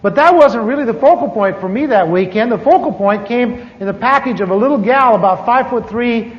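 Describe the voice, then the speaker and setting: Higher-voiced man preaching in an echoey hall. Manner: conversational storytelling with halting restarts. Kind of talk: personal testimony sermon. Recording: echoey hall, dull lo-fi tape.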